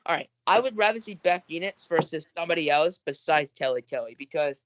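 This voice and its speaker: A man's voice: a little high, animated, quick pace, a bit bright, slight background noise. Guy ranting n swearing on a podcast, muffled lo-fi sound. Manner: ranting, swears a lot, restarts. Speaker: podcast panelist. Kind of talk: casual chat. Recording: dull lo-fi audio.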